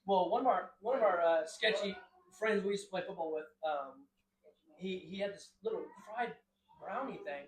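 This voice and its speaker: A young man with a fairly high voice tells loose, rambling stories and keeps laughing through them. He acts out what people said as he goes. The room around him is echoey. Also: normal speed. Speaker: podcast co-host. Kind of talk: casual storytelling.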